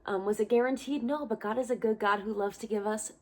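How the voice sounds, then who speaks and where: A young woman, a missionary, telling her personal testimony in an earnest, animated vlog at home. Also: mid-range voice, fast talker.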